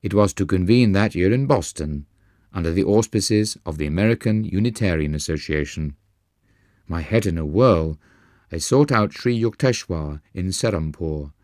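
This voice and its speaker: Audiobook narrator, male, deep register, earnest measured delivery, dry booth sound. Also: animated, darkish tone, no room sound.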